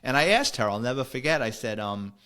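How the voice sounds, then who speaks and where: A man's voice: medium pitch, brisk, clear, resonant tone. A middle-aged man, hosting a podcast and telling stories in a casual, wisecracking way, acting out the voices of the people in them. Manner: animated, wisecracking, acts out quoted voices. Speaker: podcast host. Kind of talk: casual storytelling.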